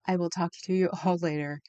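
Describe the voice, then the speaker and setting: A woman's voice: fairly low pitch, warm tone, no echo, lo-fi sound. A woman live streamer chatting casually with her viewers in a rambling way, laughing often and reacting to the chat.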